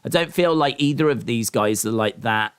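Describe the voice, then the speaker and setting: A man's voice: medium pitch, normal speed, clean tone. A man hosting a casual live stream, talking in a rambling, opinionated way with lots of ums and restarts. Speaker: live-stream host reacting to wrestling and boxing.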